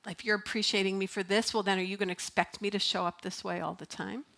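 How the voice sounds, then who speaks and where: A woman's voice: mid-range voice, level tone, fast, creaky, a bit bright. A middle-aged woman minister giving a sermon in a church, talking in a chatty, playful way and laughing often. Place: church sanctuary.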